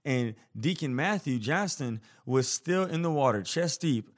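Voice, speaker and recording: A man's voice: on the high side, a little slow. A man hosting a podcast, telling a story in a casual, playful, jokey way and acting out the scenes as he goes. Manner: animated, playful storyteller who acts out scenes; jokey, self-deprecating. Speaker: podcast host.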